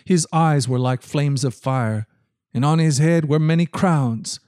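A man's voice: fairly high pitch, measured pace, a little mellow, smooth, no room sound, clean studio sound. Solemn man reading scripture. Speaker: scripture reader.

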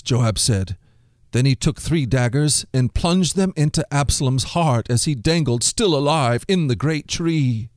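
A man hosting a daily Bible reading show for children, reading scripture and giving a short devotional, slowing down to stress key lines. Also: medium pitch, dry recording, clean studio sound. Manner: expressive storyteller, slows down for emphasis.

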